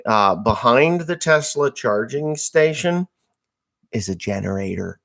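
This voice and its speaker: A man's voice: medium pitch, expressive, measured pace, gravelly, a bit bright. A man from Massachusetts, a farmer hosting a live stream, chatting casually and bluntly with crude jokes as he answers viewer messages.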